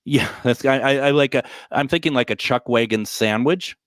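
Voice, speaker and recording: A man's voice: mid-range voice, normal speed, a bit bright, no room sound. A man hosting a call-in radio show from a hotel room, talking casually in a rambling, joking way with lots of fillers and restarts.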